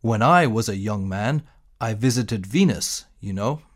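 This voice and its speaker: A man reading a textbook story in clear, measured narration, as a space captain telling his own adventure. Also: lowish voice, lively intonation. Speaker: textbook audio reader.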